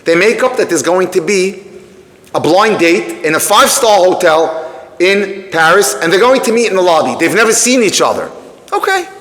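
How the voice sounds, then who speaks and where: A man teaching through a story to a live audience, animated, breaking off to speak to the room. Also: high-pitched, moderate pace. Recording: long reverb of a hall.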